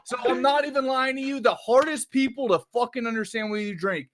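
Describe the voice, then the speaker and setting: A man's voice: extremely high pitch, brisk, a bit bright, no room sound, studio quality. A man co-hosting a gaming podcast, chatting bluntly and swearing freely. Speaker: podcast co-host. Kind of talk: casual chat.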